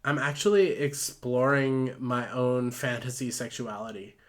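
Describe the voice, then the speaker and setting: A man's voice: medium pitch, unhurried, natural voice. A man putting on a young valley-girl firefighter who is too busy with her phone to care. Her replies are drawled, airy and dismissive.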